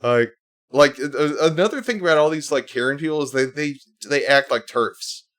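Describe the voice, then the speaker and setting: A man's voice: a little high, moderate pace, fairly bright tone. A man hosting a casual livestream, reading posts aloud and mocking them in a sarcastic, rambling way, with many fillers and restarts. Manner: sarcastic, reads posts aloud and mocks them in put-on whiny voices. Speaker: livestream host.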